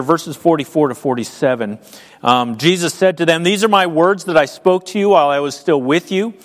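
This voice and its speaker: Pastor giving a casual, talky sermon, voice of middle pitch, ringing hall reverb. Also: male voice. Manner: conversational, frequent ums and rhetorical questions.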